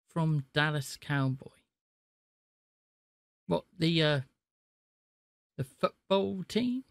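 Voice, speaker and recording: A man runs a live stream on which he calls phone scammers, answering them in a sarcastic, mock-gullible tone. His voice has a gravelly, fry-heavy edge. It is recorded close and dry, with no room sound. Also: a little high, no room sound. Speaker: livestream host calling phone scammers. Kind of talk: casual live-stream banter.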